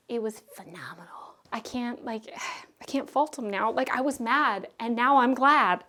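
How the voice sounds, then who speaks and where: A young woman talking casually and excitably as a book vlogger, reviewing what she read, with many asides and fillers. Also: fairly high pitch, normal speed.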